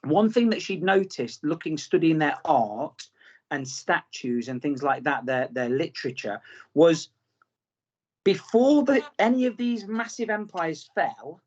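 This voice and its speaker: A man's voice: on the high side, expressive, unhurried, a little mellow. A middle-aged man with a British accent, chatting bluntly on a podcast and swearing freely. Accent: British English. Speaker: podcast host. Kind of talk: casual podcast chat. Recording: slightly muffled podcast audio.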